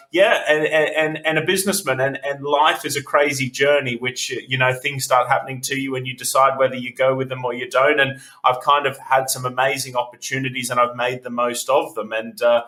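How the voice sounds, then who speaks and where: A man's voice: medium pitch, sharp tone. An Australian man in his thirties, a podcast guest talking frankly and chattily about his business. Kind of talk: casual interview talk.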